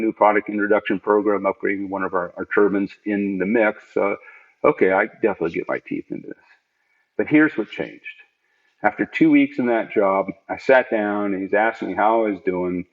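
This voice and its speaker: A middle-aged man, a podcast guest, tells earnest, reflective stories of his working life in a conversational interview from home. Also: fairly low pitch. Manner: earnest, reflective, animated storyteller. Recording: dull lo-fi remote audio.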